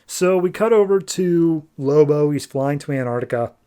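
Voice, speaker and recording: A man hosting a podcast, giving a casual, animated and wry recap of a comic book issue. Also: on the high side, smooth. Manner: animated, wry, jumps into quick character voices. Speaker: podcast host reviewing comics.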